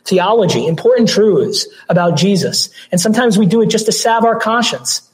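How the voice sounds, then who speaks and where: A pastor delivering a sermon, hoarse with his voice going out, earnest, with restarts and throat clearing. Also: sits high, expressive, normal speed, poor audio.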